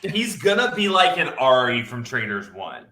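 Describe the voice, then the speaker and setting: A man's voice: mid-range voice, very animated, normal speed, echoey room, noisy background. A man co-hosting a casual reality TV podcast, cutting in with emphatic opinions. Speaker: podcast co-host. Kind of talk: casual chat.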